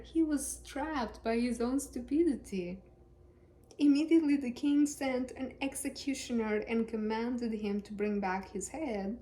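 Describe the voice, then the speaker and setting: A woman's voice: a little high, unhurried, warm tone. Joking woman reading scripture aloud. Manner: sarcastic and joking. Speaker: Bible reader and commentator. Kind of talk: casual Bible reading with commentary.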